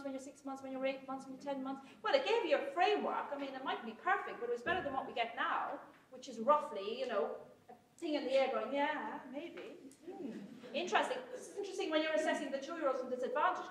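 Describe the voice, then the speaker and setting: A woman delivers a conference keynote with lively, irreverent asides and a wry edge. Her voice sits high. The sound is boomy and distant, as if picked up from far across a hotel conference hall. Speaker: keynote speaker, chief executive. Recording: echoey hall, mic from far off.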